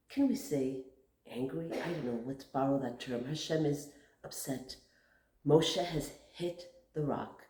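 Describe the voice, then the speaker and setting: A woman hosting a weekly Torah lesson, retelling the story expressively with dramatic pauses. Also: deep voice, dark tone, echoey room. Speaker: Torah teacher and host.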